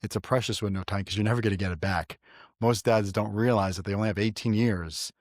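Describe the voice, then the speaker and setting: A middle-aged man from New York hosting a casual faith podcast, telling stories in an animated way and often repeating himself. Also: on the low side, quick pace, no echo, clean studio sound. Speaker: podcast host.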